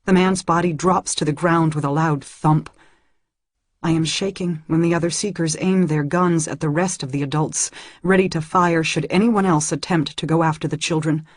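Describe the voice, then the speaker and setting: A woman's voice: low voice, fairly even intonation, normal speed, dry recording, clean studio sound. A woman reading a first-person novel aloud in an earnest way that rises when the story grows tense. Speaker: audiobook reader.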